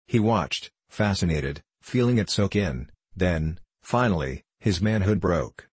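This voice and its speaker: A man reading a novel aloud in measured scripted narration. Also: low-pitched, animated, darkish tone, breathy edge, dry recording. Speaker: audiobook narrator.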